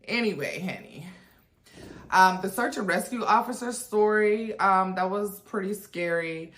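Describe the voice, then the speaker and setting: A woman's voice: mid-range voice, normal speed, a bit bright. A woman hosting a reaction video, talking in a chatty, frank way with lots of fillers and asides. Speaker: reaction channel host. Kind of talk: casual reaction commentary.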